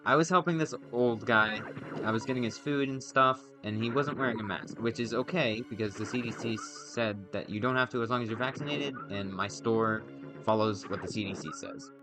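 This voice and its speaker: A young man chatting casually while playing a game, spinning a rambling, profanity-laced story full of ums and restarts. His voice sits at an ordinary middle pitch for a man. Loud video game music plays behind him. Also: a little fast. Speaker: podcast co-host and let's-play player. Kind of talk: casual chat over gameplay.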